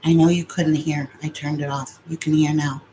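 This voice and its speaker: A woman's voice: sits low, level tone, normal speed, mellow, echoey room, a little hiss or hum, low-quality recording. A woman casually vlogging from her bed, slightly out of breath and cooing baby talk at her dogs. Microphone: phone camera.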